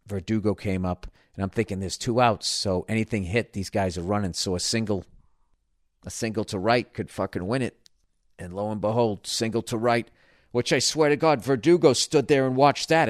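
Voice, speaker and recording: A man's voice: fairly low pitch, no room sound. Man, middle-aged, swearing rant, dry close sound. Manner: profane, animated ranting with frequent restarts. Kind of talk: casual rant about baseball.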